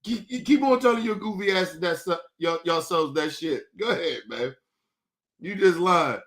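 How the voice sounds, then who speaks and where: A man's voice: high voice, lively intonation, normal speed, a bit bright. A man streaming reaction commentary, laughing constantly and cursing as he mocks what he watches, crying with laughter. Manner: laughing constantly, profane, mocking; slangy casual speech, addresses viewers as people. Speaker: streamer reacting to news clips.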